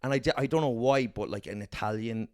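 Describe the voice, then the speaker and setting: A man telling long profane stories in casual podcast chat, often shouting his own quoted lines. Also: on the low side, fast talker, dry recording, clean studio sound. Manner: profane, rambling anecdotes, quoting people in raised voices. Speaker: podcast co-host.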